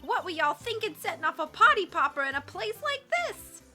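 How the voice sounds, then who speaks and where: A brash, folksy Southern woman with a thick, slow drawl, as a woman puts her on for a video game. Her voice sits high and bright, and she talks feisty and loud. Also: very animated, soft background music, heavily acted. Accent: put-on Southern US drawl. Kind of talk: video game voice-over reading.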